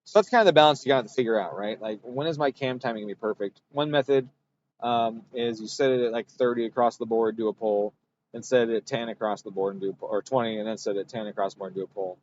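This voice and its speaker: A man's voice: mid-range voice, fast talker, dull audio, a little hiss or hum. A man tuning an engine on a livestream, talking casually and thinking aloud as he works. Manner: thinks aloud, rambling, self-correcting. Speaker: engine tuner streaming a dyno session. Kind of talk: casual technical livestream talk.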